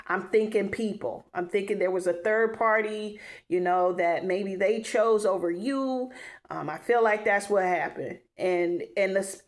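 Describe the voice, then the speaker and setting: A woman giving a casual tarot reading to her viewers, chatty and animated, often talking to them directly as y'all. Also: on the high side. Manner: animated, chatty, addresses viewers as y'all, acts out inner voices. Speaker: tarot reader.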